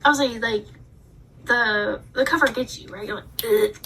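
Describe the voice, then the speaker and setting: A woman vlogger ranting in a casual, animated way, telling a story with dramatic asides. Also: a little high, moderate pace, distant mic, slight background noise, low-quality recording. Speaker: book reviewer vlogger. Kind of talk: casual rant.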